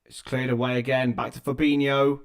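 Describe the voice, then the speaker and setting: Brisk and level, his medium-pitched voice sounds smooth yet creaky as he calls football plays live. The young man hosts a watchalong livestream, throwing chatty remarks to viewers over his laptop microphone.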